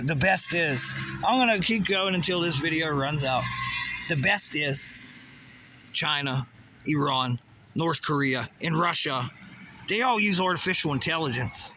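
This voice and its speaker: A man's voice: fairly high pitch, measured pace, long pauses, background noise. A man ranting to camera in a heated way, swearing often and firing off rhetorical questions. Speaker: vlogger. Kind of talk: profane conspiracy rant to camera.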